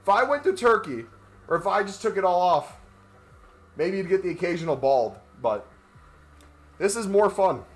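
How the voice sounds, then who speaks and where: Guy streaming a game, kinda high voice, rambly and jokey, walking on a treadmill pad while he talks. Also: sing-song, normal speed, pauses often. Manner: rambling, joking, chatty. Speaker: gaming streamer. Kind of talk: casual livestream chat while playing.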